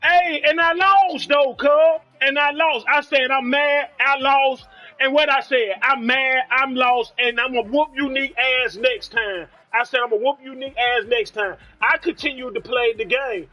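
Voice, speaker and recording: A high-pitched man with a Southern US accent, streaming a football video game live. He talks in a loud, profane, heated rant full of trash talk, with the game's broadcast commentary behind him. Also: fairly even intonation, moderate pace.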